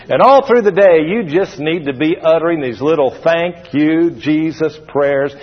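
A man's voice: fairly high pitch, normal speed, hardly any pauses. A man preaching a sermon to a congregation, emphatic and repetitive, calling for their responses. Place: church before a congregation. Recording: dull lo-fi sound with long hall reverb.

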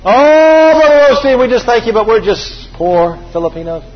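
A man's voice: extremely high pitch, sing-song, moderate pace, highs cut off, a little hiss or hum, pitched above the performer's own voice. A preacher acting out a meek, self-doubting man. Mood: pleading. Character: humble, self-deprecating grown man.

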